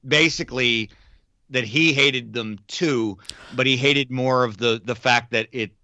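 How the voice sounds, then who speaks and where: A man co-hosting a casual podcast chat, animated and playfully indignant. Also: medium pitch, measured pace, no echo. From United States. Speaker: podcast co-host. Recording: dull lo-fi sound.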